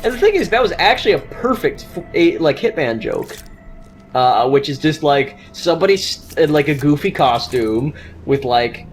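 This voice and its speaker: A man's voice: a little high, expressive, moderate pace, soft background music. A man co-hosting a casual video game commentary, talking in rambling sentences full of restarts. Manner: rambling, many restarts while forming points. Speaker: co-host of a game commentary show. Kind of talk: casual gaming commentary chat.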